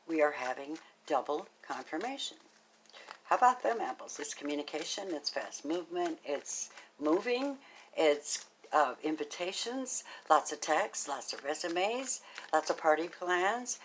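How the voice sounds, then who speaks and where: A woman giving a casual spoken tarot reading, chatty and affectionate, thinking aloud as she goes and now and then dropping into a soft, half-whispered aside. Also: sits low, a little hiss or hum, rough recording. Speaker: tarot card reader.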